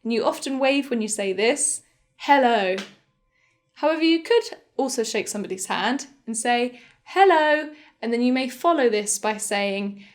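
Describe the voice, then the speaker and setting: A young woman leads a beginner English lesson with a slightly high voice. She speaks slowly and clearly and models each phrase with careful pronunciation. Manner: slow, clear, demonstrative pronunciation of example phrases. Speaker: English teacher.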